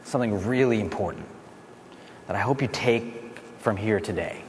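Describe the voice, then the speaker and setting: A man's voice: on the low side, normal speed, long reverb tail, a little hiss or hum. A man giving a motivational speech to an audience, telling a story and acting out the voices of the people in it. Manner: animated, acts out voices and builds to shouting. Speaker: motivational speaker.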